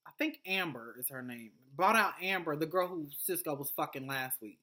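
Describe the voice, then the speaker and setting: A woman's voice: low-pitched, lively intonation, moderate pace, pushed and bright. A woman vlogger giving a blunt, profane, rambling recap of a TV episode. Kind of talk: casual TV recap commentary.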